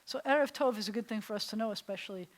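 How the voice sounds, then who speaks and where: A woman rabbi teaches a small classroom group at a rapid-fire pace in a mid-range voice. She's talkative and breaks things down step by step, pausing often to quiz the seated students.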